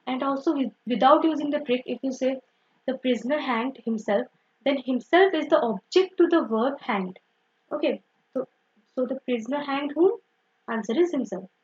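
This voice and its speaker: A woman's voice: sits high, normal speed, a little mellow, slightly rough, highs cut off. A woman teaching an online grammar lesson, explaining step by step and often saying "simple" and "okay".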